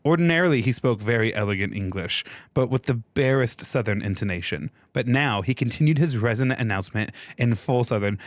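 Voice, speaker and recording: A man co-hosting a podcast, chatting casually and reading a passage aloud in an animated way, often chuckling. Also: mid-range voice, normal speed, no room sound. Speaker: podcast co-host.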